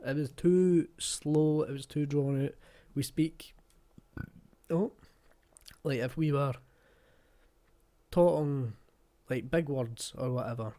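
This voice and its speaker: A man's voice: medium pitch, fairly even intonation, slow, pauses often, mellow. A man with a broad Fife Scottish accent, hosting a casual reaction video in a chatty, rambling way. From Scotland, Fife. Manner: chatty, rambling, with many fillers.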